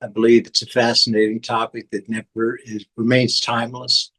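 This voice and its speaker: A man's voice: medium pitch, flat delivery, moderate pace, a bit bright, breathy edge, rough recording. A man on a video call earnestly outlining the classes he will teach, with occasional restarts. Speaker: course instructor. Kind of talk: class preview talk.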